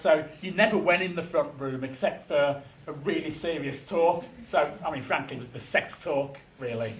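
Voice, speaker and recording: A slightly high-voiced man in his fifties gives a speech at a meeting. He tells personal stories with dry humour, like chatting with the crowd. The sound rings around an echoey meeting room. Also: slight background noise. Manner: conversational storytelling with dry humour. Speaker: union official, guest speaker.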